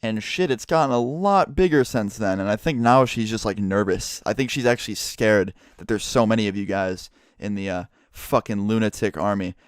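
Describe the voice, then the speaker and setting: Young man, casual rambling storyteller, lots of swearing, smooth resonant voice, dry close sound. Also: on the low side, moderate pace, hardly any pauses, no echo. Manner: profane, rambling, heavy use of "like". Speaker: YouTuber.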